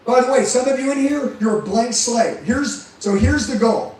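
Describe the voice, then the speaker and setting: Brief: high-voiced male motivational speaker, intense and profane, heavy room echo. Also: moderate pace, darkish tone. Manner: intense, profane, fires rhetorical questions at the crowd. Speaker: motivational speaker and sales trainer. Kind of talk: motivational speech to a live audience. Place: room with a live audience. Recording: very echoey room, mic far off.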